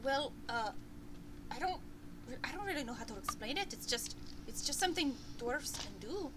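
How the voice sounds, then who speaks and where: A woman's voice: sits high, animated, normal speed, background noise. A woman voicing a timid young dwarf boy. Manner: stammering, soft, apologetic. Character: shy young dwarf boy, nervous and hesitant.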